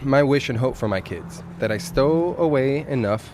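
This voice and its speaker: A man's voice: mid-range voice, expressive, moderate pace, noisy background. A man hosting a podcast, musing thoughtfully in a casual conversation. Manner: reflective, muses on life and culture. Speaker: podcast host. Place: outdoor restaurant patio at night.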